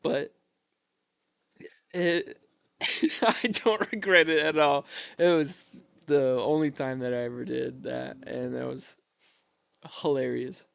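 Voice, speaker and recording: A man in his twenties, a podcast guest, telling army stories in a casual, animated way and often breaking into laughter. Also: mid-range voice, slow, vocal fry, pauses often, clear, resonant tone, dry recording, clean studio sound. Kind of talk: casual storytelling.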